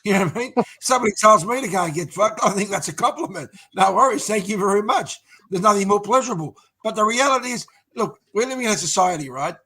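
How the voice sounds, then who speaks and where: Bright, sardonic Australian man. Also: high-pitched, expressive, fast, breathy edge. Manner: sardonic, crude. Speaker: podcast co-host.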